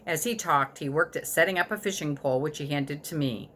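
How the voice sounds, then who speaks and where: A woman reading a children's storybook aloud to a child, telling it in an expressive, animated way. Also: deep voice, fairly quick. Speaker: reader.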